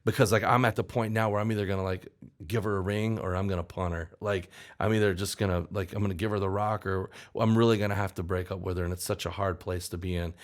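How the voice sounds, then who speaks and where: A man's voice: low-pitched, fairly even intonation, fast talker. A male songwriter telling a story in casual chat, acting out the people he quotes. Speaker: songwriter guest.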